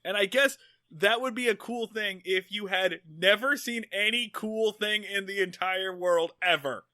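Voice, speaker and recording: A man co-hosting a podcast, telling a rambling, animated story in casual chat and swearing freely. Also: sits high, unhurried, dry recording, clean studio sound. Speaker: podcast co-host.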